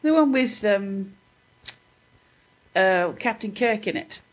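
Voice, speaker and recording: A woman's voice: medium pitch, animated, slow pace. A woman with a British accent co-hosting a podcast, teasing and making silly voices. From Britain. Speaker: podcast co-host. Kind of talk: casual banter.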